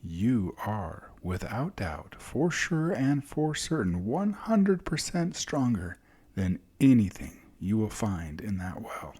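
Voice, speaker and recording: A man voicing a gentle, wise older woman mentor who speaks softly and reassuringly, at times dropping to a near whisper. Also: fairly low pitch, sing-song, takes it slowly, husky, voice pushed up, full character voice. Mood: soothing.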